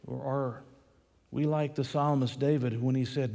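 A man preaching a sermon, earnest, repeating key phrases and slowing down on the verses he quotes. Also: mid-range voice, steady tone, vocal fry, dark tone, in a large hall. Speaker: pastor.

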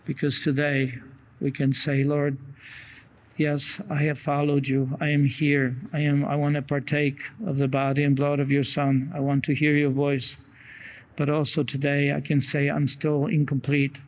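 A male preacher delivering a sermon in an earnest, measured way. His voice sits a little high for a man and stays almost completely flat in pitch. He pauses often and sometimes restarts a phrase. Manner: earnest, reads quotations aloud with pauses and restarts.

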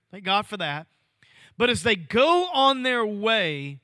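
A man preaching a sermon in church, swinging from loud emphatic lines to low, quiet ones. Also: dry recording. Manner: preaching with sweeping swings of pitch and volume, dropping to near-whispers. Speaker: pastor.

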